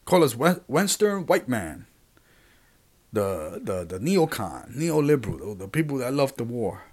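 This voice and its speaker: A man's voice: mid-range voice, very animated, a little slow, a little mellow. A man hosting his own podcast, talking casually and animatedly in a rambling monologue, often restarting sentences and speaking to his listeners. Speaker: podcast host.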